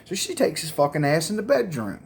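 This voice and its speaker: A man's voice: a little high, very animated, fairly quick, creaky. A man telling a crude, rambling story to camera in casual, profane chat. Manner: rambling, crude, full of fillers.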